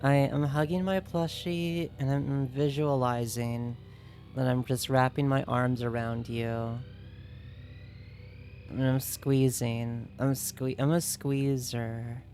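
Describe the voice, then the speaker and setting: A woman's voice: extremely low pitch, steady tone, slow pace, warm tone, soft background music. A woman streaming games and chatting casually with viewers, playful and teasing, often giggling.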